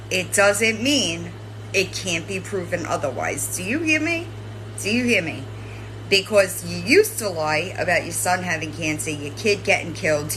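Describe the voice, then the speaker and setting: Brief: woman commentary host, confrontational and lecturing, bright, animated delivery. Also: medium pitch, a little hiss or hum, poor audio. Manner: lecturing, scolding, keeps adding "right?", swears. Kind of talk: confrontational commentary addressing a streamer.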